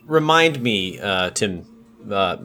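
Low, bright-voiced jokey man. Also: very animated, takes it slowly. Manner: jokey, playful, fillers. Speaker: player. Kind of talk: casual tabletop game play.

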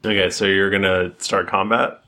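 A man running a tabletop game as game master, relaxed and a little hesitant with fillers. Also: deep voice, moderate pace.

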